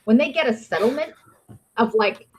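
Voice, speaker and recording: A woman's voice: fairly high pitch, animated, moderate pace, a little mellow, husky, poor audio. A woman hosting a podcast-style live stream, ranting in a heated, sarcastic, profane way. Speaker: podcast host. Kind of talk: casual ranting commentary.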